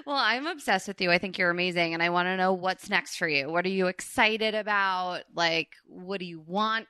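A woman's voice: on the low side, normal speed, sharp tone, smooth, no echo, clean studio sound. A woman hosting a podcast, chatting casually with a guest and laughing often. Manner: giggly, effusive, lots of laughing. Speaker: podcast host. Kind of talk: casual interview chat.

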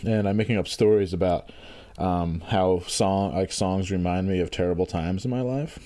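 A man's voice: low voice, moderate pace, mellow. A man co-hosting a podcast, riffing and joking in casual chat. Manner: jokey, riffing, rambling. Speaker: podcast co-host.

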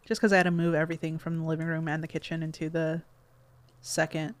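A woman's voice: low-pitched, flat delivery, fast. A woman co-hosting a podcast in casual chat, hesitant, with many fillers and restarts. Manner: hesitant, many ums and restarts, laughs easily. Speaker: podcast co-host.

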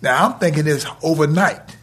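Husky guy spinning a story on a podcast, slightly high voice, keeps going "he said, he said". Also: a bit bright. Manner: drawn-out storytelling with repeated "he said". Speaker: guest.

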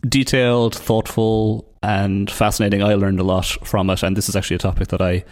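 A man hosting an interview, relaxed and appreciative, wrapping up the conversation. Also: lowish voice, brisk. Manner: relaxed, appreciative, casual fillers. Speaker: podcast host.

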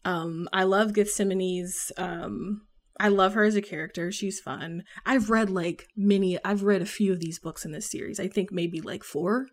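A woman with a Southern American accent talks in a loose, rambling way, full of fillers and quick laughs. Her voice sits in a middle range for a woman. She sounds like a relaxed podcast co-host chatting about a book. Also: medium pitch. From Southern United States. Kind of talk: casual chat.

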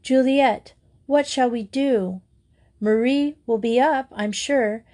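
Lively, flustered schoolgirl, read by a woman, quick talk. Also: fairly high pitch, voice pushed up. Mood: excited.

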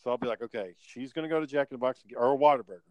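A young adult man co-hosts a podcast, racing through rambling, profanity-laced stories in casual chat as an animated storyteller. His voice is mid-range, and the dull audio has no echo.

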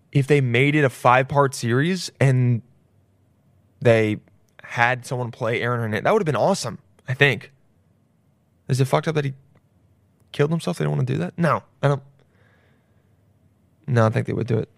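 A man's voice: mid-range voice, gravelly, no room sound, studio quality. A young man hosting a solo podcast, rambling loosely and jokily with plenty of swearing. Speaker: podcast host. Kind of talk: casual solo podcast chat.

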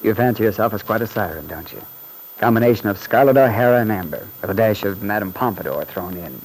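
A man's voice: lowish voice, animated, quick pace, a little mellow, slightly rough. An actor playing a blunt, contemptuous young writer who lectures a woman in 1940s radio drama style. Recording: scratchy old radio broadcast.

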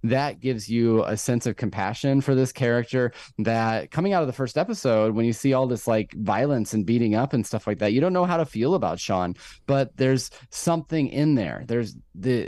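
A man's voice: medium pitch, normal speed, dry recording. Man musing on a podcast, dry close sound. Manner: thoughtful, rambling, many fillers, rises when excited. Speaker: podcast co-host. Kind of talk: casual chat recapping a TV episode.

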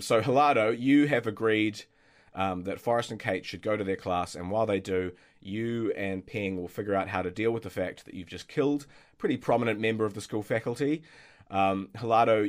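A man narrating a tabletop role-playing game as game master, with many ums and restarts. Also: on the low side. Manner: hesitant, many fillers and restarts.

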